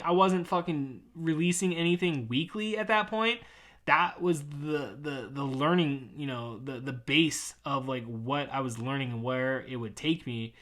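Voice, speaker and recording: Bright-voiced guy in his 30s venting on his podcast, swears a lot, rambles and mumbles then gets loud. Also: on the high side. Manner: rambling, heavy swearing, frustrated; many fillers and restarts, drifts between loud and mumbled. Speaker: podcast host. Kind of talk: casual rant.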